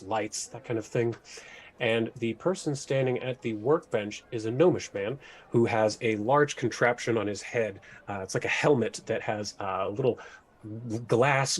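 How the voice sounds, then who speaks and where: A man running a tabletop game as game master, describing scenes with many hesitations. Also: on the low side.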